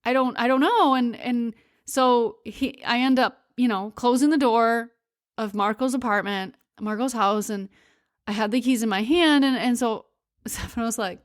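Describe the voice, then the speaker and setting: A woman's voice: fairly high pitch, a little slow, dry recording, studio quality. A young adult woman hosting a podcast, telling a personal story candidly and confessionally, laughing between words. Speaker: podcast host.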